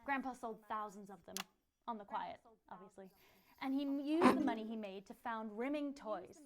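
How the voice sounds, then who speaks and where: An English actress playing a slick toy company spokeswoman in a put-on American accent, with smooth salesy corporate delivery. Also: on the high side, normal speed, lightly acted. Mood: reminiscing. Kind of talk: comedy audio drama acting.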